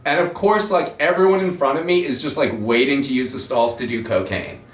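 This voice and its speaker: Telling a long story about himself, a podcast host rambles casually, cursing and mocking himself along the way. He speaks briskly at medium pitch, picked up by a distant mic in a room with noticeable echo.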